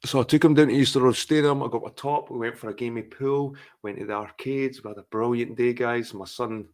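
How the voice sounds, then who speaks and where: A man's voice: medium pitch, fairly even intonation, brisk. A middle-aged Scottish man in a rambling, sweary, heartfelt casual chat on a live stream.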